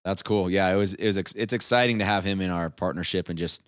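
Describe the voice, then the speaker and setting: Deep-voiced man hosting a team chat. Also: fast talker, no room sound, clean studio sound. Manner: upbeat, reads out team results. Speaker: host. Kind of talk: casual chat.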